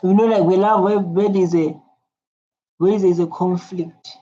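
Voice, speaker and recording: A woman giving casual, animated reaction commentary on a video, repeating herself and teasing what she sees. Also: on the low side, unhurried. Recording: dull lo-fi sound.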